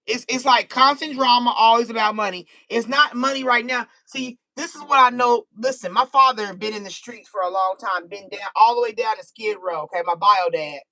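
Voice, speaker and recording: An American woman doing a casual live-stream tarot reading, animated and chatty, laughing easily. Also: a little high, a little fast, hardly any pauses, no room sound, poor audio. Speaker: tarot reader.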